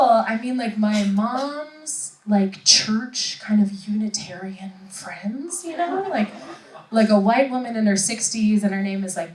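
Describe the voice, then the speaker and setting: A woman in her thirties doing stand-up with crowd work, chatty and self-mocking, laughing often. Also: on the high side. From Rochester, New York. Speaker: stand-up comedian. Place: comedy club stage. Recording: echoey room, far mic, loud crowd.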